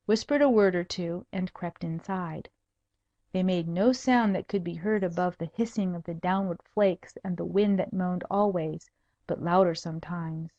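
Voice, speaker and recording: A woman reading a humorous old tale aloud as an audiobook narrator, in an even, measured way. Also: fairly low pitch, no room sound. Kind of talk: storybook narration. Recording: dull dry recording.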